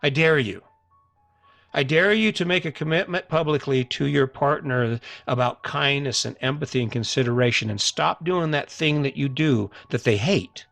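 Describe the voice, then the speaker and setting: This is a solo motivational podcast in which a middle-aged man addresses listeners earnestly and conversationally, frequently repeating himself and starting sentences over. He speaks at medium pitch and a moderate pace, his fairly bright voice touched with vocal fry, while soft music runs underneath.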